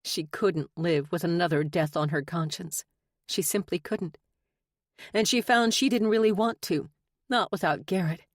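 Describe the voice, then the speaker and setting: Woman reading an audiobook, lowish voice. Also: no room sound, studio quality. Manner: measured, expressive reading. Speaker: audiobook narrator. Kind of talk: scripted narration.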